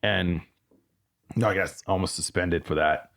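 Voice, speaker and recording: Man, army veteran, podcast guest, fairly low voice, halting delivery, casual chat. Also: fairly even intonation, gravelly, a bit bright. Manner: halting, restarts often. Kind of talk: casual conversation.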